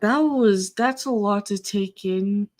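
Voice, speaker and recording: A woman's voice: medium pitch, slow, darkish tone. A woman chatting casually on a live stream, swearing often and trailing off mid-sentence. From partly Southern US. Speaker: co-host reviewing an episode.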